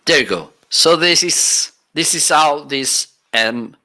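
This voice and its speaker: A man's voice: a little high, animated, takes it slowly, bright, forceful tone, dry recording. A man hosting a casual live-stream product demo, chatting and testing microphones aloud with counts and laughs. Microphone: swapping between studio microphones.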